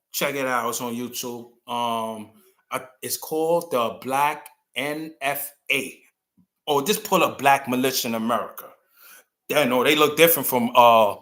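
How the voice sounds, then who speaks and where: A man's voice: medium pitch, bright, forceful tone. A man hosting a talk show, delivering a casual, rambling opinion monologue and acting out the people he quotes. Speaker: commentary show host.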